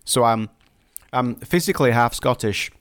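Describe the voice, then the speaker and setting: A man's voice: medium pitch, normal speed. A man co-hosting a casual podcast, joking and teasing his co-hosts. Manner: jokey, teasing banter. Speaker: podcast co-host.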